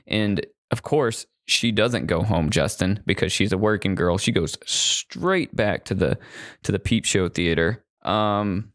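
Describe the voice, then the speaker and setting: A man co-hosting a movie-review podcast, retelling scenes in a profane, animated way and mocking the characters. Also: fairly low pitch, a little slow, no room sound, studio quality. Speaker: podcast co-host. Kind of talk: casual movie-review chat.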